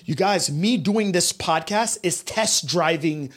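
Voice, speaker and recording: A man's voice: sits high, slow. A man hosting a podcast, telling a story in a monologue and talking straight to his listeners. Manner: animated storytelling, addresses listeners directly. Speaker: podcast host.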